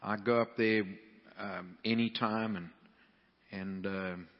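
A man's voice: fairly low pitch, takes it slowly, highs cut off. Folksy preacher man in a big echoing hall. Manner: folksy, animated storytelling with many restarts. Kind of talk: storytelling sermon to preachers.

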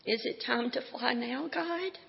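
A woman reading aloud and voicing a gentle, curious unborn baby girl who asks soft questions, in a dull, echoey hall recording. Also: a little high, a little slow, creaky, pitched above the performer's own voice. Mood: wondering. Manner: soft, wondering, childlike questions.

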